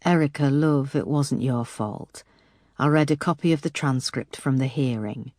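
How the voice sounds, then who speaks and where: A woman doing a gentle old Yorkshire dad. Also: a bass voice, normal speed, no echo, studio quality. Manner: gentle, consoling, folksy. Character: older male Yorkshire father, kind and gruff.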